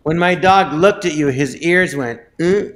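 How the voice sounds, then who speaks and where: A man appearing as a guest in an improvised comedic interview. He stumbles and restarts his sentences and sometimes flares into shouting. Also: fairly high pitch, normal speed.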